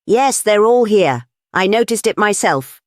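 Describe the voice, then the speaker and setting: A narrator voicing an excitable, boyish young duke who talks eagerly. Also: medium pitch, normal speed, no echo, clean studio sound, close to an everyday voice. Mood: excited.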